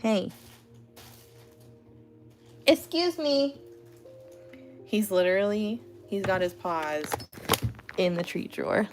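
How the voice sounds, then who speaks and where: A woman's voice: mid-range voice, animated, slow, pauses often, soft background music. A woman hosting an art livestream from home, chatting casually with lots of "like" and "you know".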